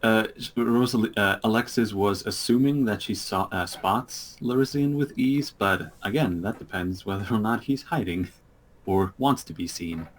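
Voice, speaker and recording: Deep-voiced guy running a tabletop game on a voice call, lots of uhs. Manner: halting narration with many fillers. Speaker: game master. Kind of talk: narrating a tabletop game over voice chat. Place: online voice call.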